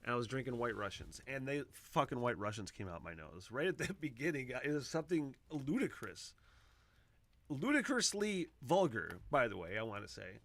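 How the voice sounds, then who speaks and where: A man hosting a casual solo podcast, talking in a rambling, profane way that swings from loud excitement to low mutters into a close microphone. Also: normal speed, creaky, no echo. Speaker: podcast host.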